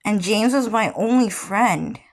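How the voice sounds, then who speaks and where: Unhurried and mid-range in pitch, this thirty-something woman vlogger tells a personal story in a loose, rambling way. She swears freely and falls back on "what happened is" again and again.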